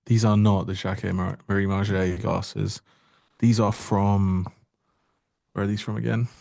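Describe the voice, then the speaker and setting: Gravelly wry male trading streamer. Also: lowish voice, little pitch movement, unhurried, darkish tone, no room sound, studio quality. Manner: wry, joking, answers chat aloud. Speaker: trader and live streamer. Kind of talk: casual live-stream trading commentary.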